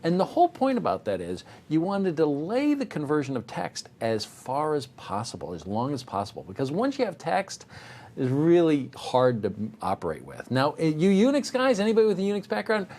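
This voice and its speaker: A middle-aged man teaching a technical course live, animated and joking, sometimes acting out little voices. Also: fairly high pitch, fairly quick. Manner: animated, jokey, acts out voices. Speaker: instructor. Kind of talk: live technical demo with banter.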